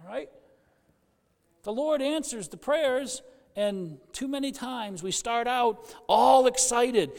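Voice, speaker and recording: Older man, pastor, sermon, high voice, gravelly, long church echo. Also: takes it slowly. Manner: animated, joking storyteller. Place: church sanctuary.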